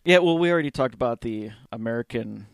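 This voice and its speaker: A man co-hosting a casual chat, laughing often and acting out movie scenes in quick voices. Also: medium pitch, expressive, gravelly, dry recording. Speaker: podcast co-host; religious studies student.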